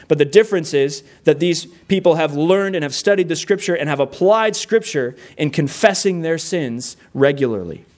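A middle-aged man preaching a sermon in a church, earnest and emphatic, repeating key phrases and building lists. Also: a little high. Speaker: pastor. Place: church room with a congregation.

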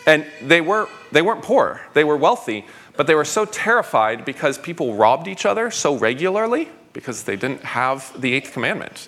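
A man's voice: medium pitch, a bit bright. A man, a pastor, answering audience questions at a conference in an eager, rambling way with frequent stammered restarts.

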